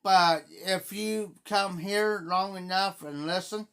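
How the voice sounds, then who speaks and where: A man's voice: sits high, steady tone, slow, pushed and bright, smooth. A middle-aged man from Ohio with a southern Ohio Appalachian accent, hosting a livestream in a folksy, rambling casual chat and greeting viewers by name. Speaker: livestream host.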